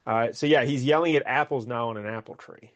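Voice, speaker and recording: A man's voice: mid-range voice, a little fast, a bit bright. A man co-hosting a casual comic book review podcast, making joking asides with frequent laughs. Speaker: podcast co-host. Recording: dull, lo-fi sound.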